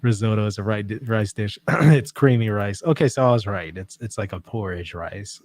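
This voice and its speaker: A man hosting a livestream, reading out viewer comments in relaxed, self-mocking chat and laughing often. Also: lowish voice, moderate pace. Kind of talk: casual chat.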